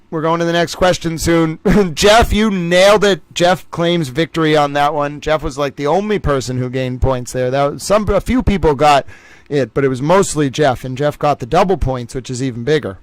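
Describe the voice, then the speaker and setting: A man hosting a livestream trivia game, reading out names and scores and chatting with viewers in a lively way. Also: a little high, smooth, dry recording. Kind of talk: casual livestream chat.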